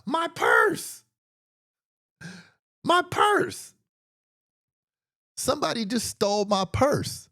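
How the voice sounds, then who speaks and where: A man voicing a panicked young woman who has just had her purse stolen, wailing high and shrill. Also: wildly swooping pitch, extremely slow, pauses often, bright, forceful tone, no echo, shouting, studio quality, heavily acted. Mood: frantic.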